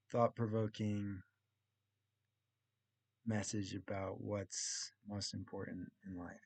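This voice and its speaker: Slow, low-voiced young man recounting. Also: dry recording. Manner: plainly retelling a story step by step, with pauses and restarts. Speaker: college student. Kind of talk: casual vlog recap of a class week.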